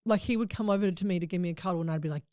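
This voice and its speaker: A woman's voice: on the low side, rapid-fire, dark tone, clean tone, no room sound, studio quality. A woman guest on a podcast, telling a personal story in a candid, emotional way in casual chat.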